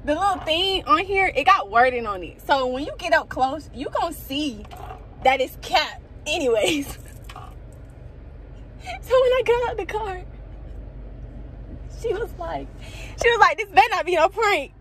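Young female prank vlogger, high voice, animated, laughing, guilty edge; faint background hum. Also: unhurried, pauses often. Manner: animated, laughing, swings between excited and guilty. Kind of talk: casual vlog chat.

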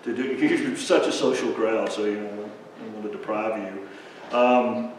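A man, a pastor, giving a children's message during a church service, chuckling often and pausing with lots of fillers. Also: lowish voice, steady tone, slight background noise. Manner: chuckling, halting, full of fillers. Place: church sanctuary. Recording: echoey church from a distant mic.

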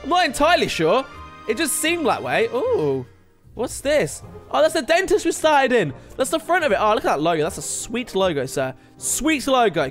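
Young male game host, high voice, bouncy pitch, rambling self-mocking commentary. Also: fairly bright tone. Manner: chatty, rambling, laughs at himself. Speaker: gaming video host. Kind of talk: casual let's-play commentary.

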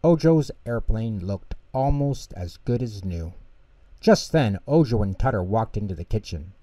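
A man reading a children's bedtime story aloud as storyteller, calm and lilting. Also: lowish voice, unhurried, no echo.

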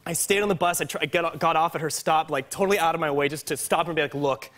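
Male talk show guest, bright and slightly high voice, self-mocking, lively storyteller. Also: fast talker. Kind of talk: anecdote on a late-night talk show.

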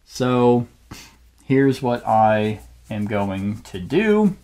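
A man's voice: medium pitch, sing-song, drawn-out words, mellow. A man hosting a solo board game playthrough, thinking aloud and often searching for the right word mid-sentence. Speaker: channel host playing a board game solo.

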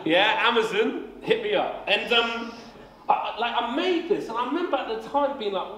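A man in his late twenties preaching a family service sermon in a church hall, energetic and jokey, often repeating words as he starts a sentence. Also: high-pitched, normal speed, a little hiss or hum. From England. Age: 20s. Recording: echoey hall, faint ambience.

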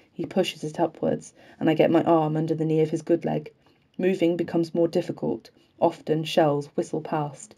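A woman reads a novel aloud in a low, mellow voice. Her delivery is measured and fairly flat, and she leaves small slips in. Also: husky. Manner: measured, unhurried, with occasional slips left in. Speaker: audiobook reader. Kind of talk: audiobook reading of a novel.

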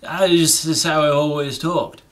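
Man playing a smug braggart with a bogus Australian twang, high, bright voice, defensive. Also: fairly even intonation, a little slow. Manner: bluffing, playfully defensive. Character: smug young man faking an Australian accent. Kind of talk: comedy sketch acting.

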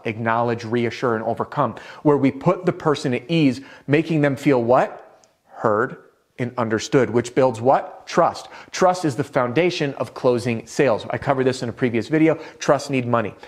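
A man teaching sales straight to camera. His delivery is upbeat and direct, and he drops in some self-deprecating humor. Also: mid-range voice. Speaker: sales trainer.

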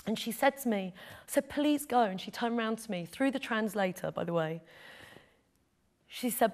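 Earnest woman with a higher voice. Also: normal speed, darkish tone. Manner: earnest, heartfelt, emotional. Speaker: photojournalist guest. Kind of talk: personal storytelling in interview.

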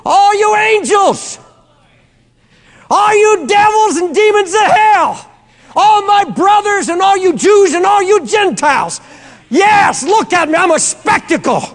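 This is an unshakable man of faith, played by a preacher as an apostle who cries out defiantly. The voice sits very high for a man. A long reverb trails every word. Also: lively intonation, slow pace, long pauses, exaggerated voice. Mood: defiant shouting. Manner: shouting defiance.

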